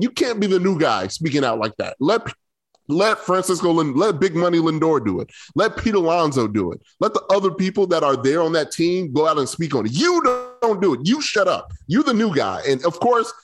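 A man co-hosting a casual sports talk show, giving blunt and emphatic opinions. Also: high voice.

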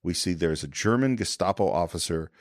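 A man's voice: low-pitched, expressive, a little fast, dry recording, clean studio sound. A man co-hosting a film podcast, retelling a movie scene by scene and acting out the characters' lines in casual chat. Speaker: podcast co-host.

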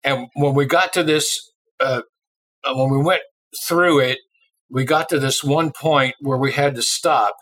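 A man's voice: mid-range voice, unhurried, low-quality recording. A middle-aged man from Illinois, a drummer, telling a casual anecdote in an interview and acting out the voices of people in it. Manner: lively storyteller who acts out quoted voices.

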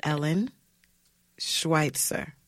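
A woman's voice: deep voice, drawn-out words, no room sound, clean studio sound. A woman guest on a podcast, talking casually and expressively, acting out her own quotes as she tells stories. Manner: animated, expressive storyteller who acts out quotes. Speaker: guest, blogger. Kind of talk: casual interview chat.

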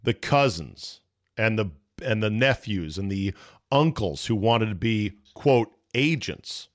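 A man hosting a sports talk show, casual and profane, riffing quickly with his co-host. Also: lowish voice, animated. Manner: brash, profane, rapid riffing.

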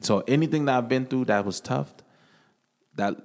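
A man's voice: medium pitch, normal speed, darkish tone. A man on a podcast, earnestly telling his personal testimony in casual conversation, often repeating his phrases. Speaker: podcast guest. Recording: echoey room with long reverb.

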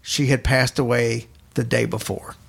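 A man's voice: mid-range voice, steady tone, measured pace, creaky, fairly bright tone. A man hosting a podcast, casually telling spooky stories to his co-hosts. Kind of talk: casual storytelling chat.

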